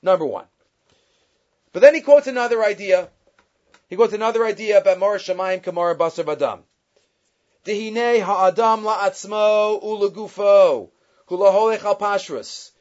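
A man's voice: high-pitched, moderate pace, darkish tone, lo-fi sound. A man giving a Torah class, retelling stories and weaving Hebrew quotations into his English. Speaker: Torah teacher.

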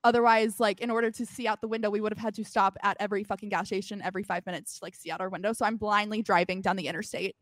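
A young woman in her twenties, a podcast co-host, telling a story in casual chat, filling it with "like" and acting out quotes in a loud voice. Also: medium pitch, rapid-fire, few pauses, dry recording. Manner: animated storytelling, acts out quotes loudly; heavy use of "like".

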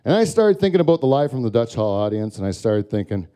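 A man hosting a comedy show, ranting through a profane storytelling monologue. He speaks in a mellow, mid-pitched voice, often stopping on filler words. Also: very animated, fast, smooth.

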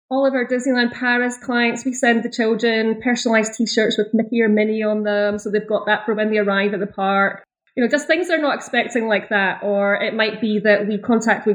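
A woman's voice: mid-range voice, rough recording. A woman with a Scottish accent speaking as a guest in an interview, chatting freely, often restarting phrases and laughing easily. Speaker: guest, travel business owner. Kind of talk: conversational interview.

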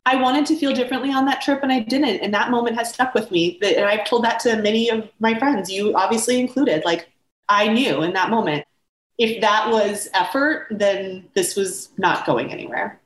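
A woman in her thirties talks as a podcast guest, candid and loose, with lots of "like" fillers. Her voice sits a touch high and carries a roomy echo around it. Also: moderate pace. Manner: candid, filler-heavy, with frequent "like". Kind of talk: casual chat.

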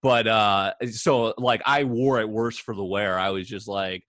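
A young man in his twenties casually telling a story to a friend, relaxed, full of fillers and swearing. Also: fairly low pitch, a little slow, dry recording. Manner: laid-back, swears, lots of "like".

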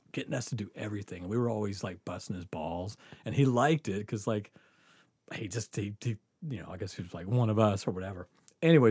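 A man's voice: fairly low pitch, darkish tone, slightly rough, dry recording, studio quality. Laughing, profane man telling stories. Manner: laughs often mid-story, profane, says "dude" a lot. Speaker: podcast storyteller. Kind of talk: casual storytelling.

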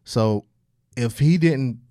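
A man's voice: mid-range voice, takes it slowly, mellow, dry recording, studio quality. A man in a casual podcast chat, arguing his point with confidence in loose slang.

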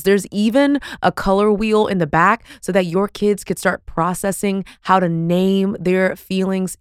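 A woman's voice: mid-range voice, smooth, no room sound, studio quality. A woman, hosting a podcast and talking in an earnest, folksy, emphatic way. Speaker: podcast host. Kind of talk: casual podcast talk.

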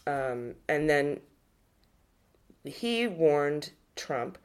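Low-voiced woman chatting politics. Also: extremely slow, clean tone. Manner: animated, restarts and swears freely. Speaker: podcast co-host. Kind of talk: casual political chat.

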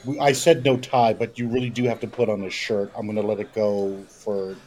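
A man's voice: on the low side, little pitch movement, fairly quick, a crowd in the background, lightly acted. A man voicing a flustered, apologetic diner waiter who stammers in a comedy improv.

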